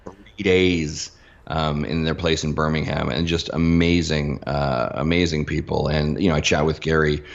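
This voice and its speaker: A man from western Canada, a guest on a podcast, telling lively stories in casual chat and acting out the people he quotes. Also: a bass voice, normal speed, creaky, lo-fi sound. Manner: animated storyteller who acts out the people he quotes.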